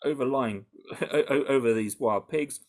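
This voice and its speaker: A British man answering interview questions in an animated, conversational way, with frequent restarts and fillers. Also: mid-range voice, unhurried. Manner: animated, full of restarts and "you know". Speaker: campaigner interviewed about undercover research.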